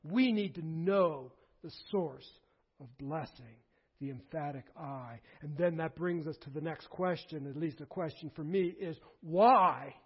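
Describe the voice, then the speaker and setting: A man's voice: on the high side, a little slow, breathy edge, muffled recording. A man preaching a sermon, emphatic and repeating key phrases with rising force. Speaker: pastor.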